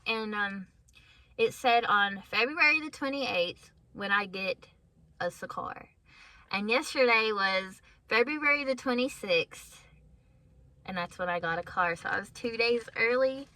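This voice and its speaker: Bright-voiced, emotional young mom vlogging. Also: female voice, on the high side, a little slow, dry recording. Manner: emotional, heartfelt, tearful at times. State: has a migraine. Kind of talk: casual personal vlog. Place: in her car.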